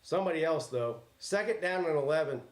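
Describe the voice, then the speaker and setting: A man's voice: a little high, expressive, a little fast. A man hosting a live watch-party stream, joking crudely, commenting on the game and reading chat aloud.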